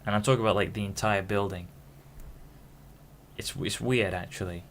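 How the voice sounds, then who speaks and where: Low-voiced young man rambling frankly. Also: steady tone, a little hiss or hum. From Hull, England. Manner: frank, halting, many restarts. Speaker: vlogger. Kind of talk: casual rambling monologue.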